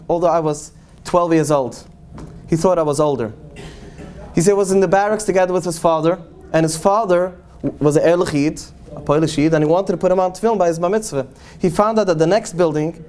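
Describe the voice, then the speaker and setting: High-voiced rabbi telling a story. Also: male voice, slight background noise. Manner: animated storyteller, acts out quoted voices, Yiddish-laced English. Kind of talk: storytelling talk to an audience.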